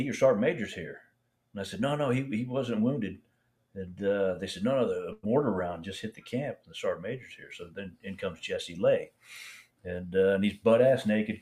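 Older man, low voice, rambling halting storyteller, interview guest. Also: darkish tone. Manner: rambling, halting, many restarts and fillers. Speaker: veteran guest.

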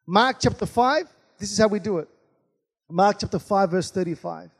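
A pastor preaching to his congregation, his very high voice ringing through a large church hall. He keeps stopping to call out amen and hallelujah, and the long reverb trails after each phrase. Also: moderate pace, breathy edge. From Australia. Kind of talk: sermon.

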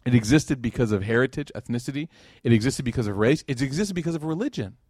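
A man giving a religious lecture to a live audience, telling stories in a lively, casual way with plenty of slang and fillers. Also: medium pitch, fast talker, slightly rough, dry recording, studio quality. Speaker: Islamic lecturer.

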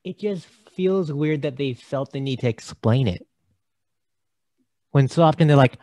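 A man's voice: on the high side, unhurried, long pauses, mellow, dry recording. A man co-hosting a film podcast in a casual chat. He is jokey and stumbles over his words. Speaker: podcast co-host. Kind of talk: casual movie discussion.

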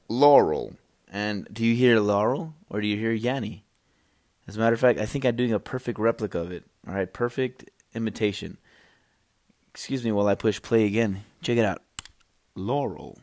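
Rambling jokey young man, lowish voice. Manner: rambling, jokey, lots of fillers and restarts. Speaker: podcast host. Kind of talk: solo casual chat. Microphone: podcast microphone.

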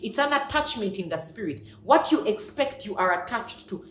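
A woman's voice: medium pitch, animated, moderate pace, few pauses, a bit bright. A woman preacher giving a devotional sermon, emphatic and repeating her key lines for effect. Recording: echoey room.

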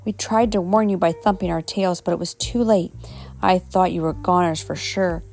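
A woman's voice: lowish voice, steady tone, moderate pace, gravelly, darkish tone, soft background music. Bucky, a woman doing an earnest young beaver boy. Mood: relieved. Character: young male beaver, earnest and kind-hearted.

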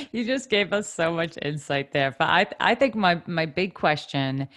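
A woman's voice: lowish voice, expressive, measured pace, a bit bright. A woman hosting a podcast, asking her guest questions in a complimentary, inquisitive way. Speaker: podcast host. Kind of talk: interview questions.

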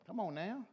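A middle-aged male pastor preaching a folksy sermon, swinging from low soft asides to shouted peaks. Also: vocal fry, slightly rough, muffled recording. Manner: folksy, talks to the congregation.

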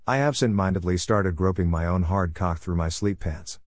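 Low-voiced man narrating a story. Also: a little fast, few pauses, darkish tone, dry recording, clean studio sound. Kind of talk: first-person story narration.

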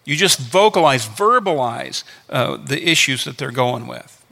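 A man's voice: mid-range voice, normal speed, vocal fry, pushed and bright. A man preaching a sermon, teaching earnestly and repeating his phrases to drive points home. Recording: long hall reverb.

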